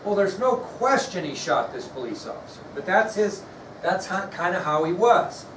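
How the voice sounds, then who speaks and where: A history teacher lectures his class in a relaxed, conversational manner, frequently checking that students are keeping up. His voice is a bit high for a man and he speaks at normal speed. He is recorded from a distance across an echoey room, with faint noise underneath.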